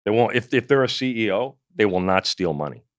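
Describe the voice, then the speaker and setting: On the low side and a little fast, the voice belongs to a middle-aged Canadian comedian and former investigator, a guest in an interview. He relates a profane anecdote with animated energy, acting out what people said, and the sound is clean studio audio without echo.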